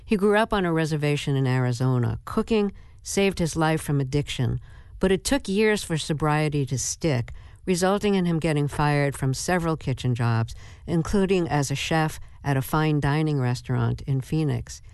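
A woman hosting a radio interview, speaking in a deliberate, measured way with halting pauses. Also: low voice, expressive, a little mellow, clean tone, no echo. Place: radio studio. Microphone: studio microphone.

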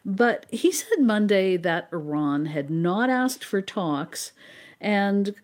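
A woman foreign correspondent giving a news report in an even, measured delivery. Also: medium pitch.

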